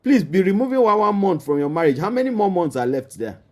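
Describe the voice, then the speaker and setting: A man's voice: sits high, big pitch swings, quick pace. A man with a Nigerian accent, a marriage counselor giving an emphatic teaching that addresses the listener directly and repeats key phrases.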